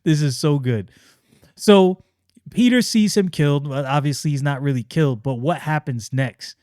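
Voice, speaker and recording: A man hosting a casual comic book review, excitable and slangy, often restarting his sentences. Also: fairly high pitch, no echo, studio quality.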